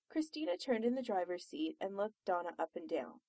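A woman reading fiction aloud with expressive storytelling narration. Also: medium pitch, brisk, few pauses, no room sound, clean studio sound. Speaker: reader.

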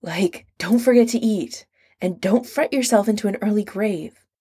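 A woman reading aloud, voicing a volatile young man who shouts and hisses in jealous anger. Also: mid-range voice, moderate pace, breathy edge, close to an everyday voice. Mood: hurt.

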